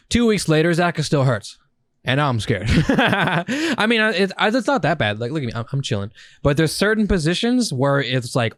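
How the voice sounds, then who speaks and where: A young man co-hosting a casual podcast, swearing and telling stories in an animated way. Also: mid-range voice, fairly quick, no room sound. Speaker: podcast co-host. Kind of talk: casual chat.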